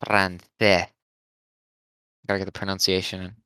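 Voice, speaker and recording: Give me a young man co-hosting a casual chat, bright and joking, with a dry close sound. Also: lowish voice, expressive, a little fast, no room sound. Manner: joking, laughs often, mock accents. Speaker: podcast co-host. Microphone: headset.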